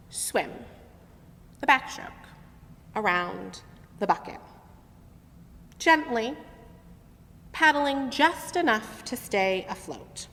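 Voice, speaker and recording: A woman leading a worship service, telling a story in an expressive storyteller's manner. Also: fairly high pitch. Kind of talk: sermon storytelling. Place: large sanctuary. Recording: long hall reverb.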